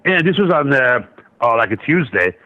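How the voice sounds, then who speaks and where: A man's voice: medium pitch, sing-song, normal speed. A man guest on a market radio show, telling a trading story in a rambling way, with many restarts and asides. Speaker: guest market analyst and trader. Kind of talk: casual radio interview storytelling. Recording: dull lo-fi line.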